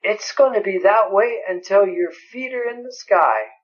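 A man's voice: high voice, unhurried. A man preaching a sermon, emphatic and quoting scripture at length. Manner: emphatic, quotes scripture in several languages. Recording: dull lo-fi recording.

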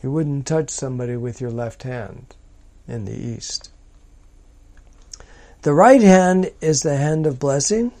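A man teaching from a psalm in a slow, deliberate, emphatic manner. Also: medium pitch, darkish tone. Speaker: preacher.

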